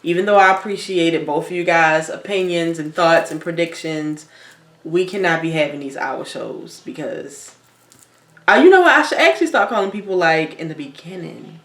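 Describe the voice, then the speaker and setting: A woman's voice: fairly low pitch, animated, moderate pace, fairly bright tone. Exasperated woman co-host, roomy echo. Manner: blunt, exasperated, swears freely. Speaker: podcast co-host. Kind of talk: casual TV recap chat.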